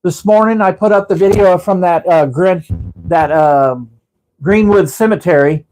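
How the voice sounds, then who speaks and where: A talkative man hosts a live stream in a high, easygoing voice. He rambles from story to story and chats back to viewers, often breaking into laughter. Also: measured pace, darkish tone. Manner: rambling, chatty, reading out viewer comments and laughing. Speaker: livestream host. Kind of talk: casual live-stream chat.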